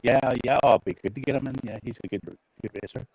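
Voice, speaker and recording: A man's voice: medium pitch, quick pace, a little mellow, slightly rough, dry recording, poor audio. A man co-commentating an online racing league, teasing and joking with a laugh. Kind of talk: casual race commentary.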